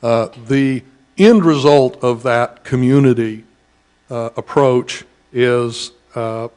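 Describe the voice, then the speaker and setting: A man, a school district administrator, giving a formal public speech in a measured way with frequent "uh" pauses. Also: medium pitch, darkish tone, clean tone. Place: school event audience setting.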